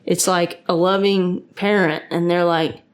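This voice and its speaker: A woman's voice: fairly low pitch, fairly even intonation, a little slow. A woman hosting her own podcast, talking casually and earnestly about faith, rambling with frequent restarts and fillers. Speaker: podcast host; parent of a young son.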